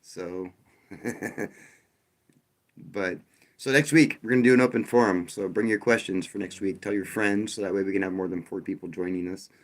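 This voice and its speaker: A man's voice: deep voice, fairly even intonation, normal speed. A man hosting a live stream, talking loosely and casually, with frequent restarts and a wry, sarcastic edge. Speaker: livestream host.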